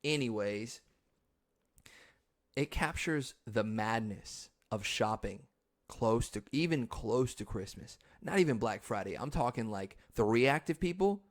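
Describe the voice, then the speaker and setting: Slow-talking excitable male podcast host. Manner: excitable, laughs often, acts out quotes in high voices. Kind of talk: casual solo podcast talk.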